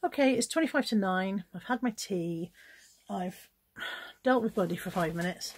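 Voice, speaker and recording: A middle-aged woman chats casually into a handheld phone camera for her vlog diary, poking fun at herself and talking to her dog. She has a medium-pitched voice at normal speed, with a little hiss or hum in the recording.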